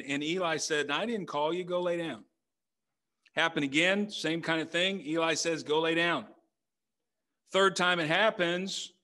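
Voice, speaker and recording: A middle-aged man preaches a sermon from the pulpit in an earnest, conversational way. He keeps turning to the congregation with rhetorical questions, and his voice sits a little higher than most men's. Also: sharp tone. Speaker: pastor. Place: church sanctuary.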